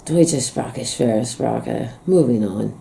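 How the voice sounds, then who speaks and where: In a relaxed language-learning vlog, a young adult vlogger from the United States reads out phrases and responds to them with amused disbelief. She has a deep, dark bass voice with vocal fry, speaking slowly and expressively.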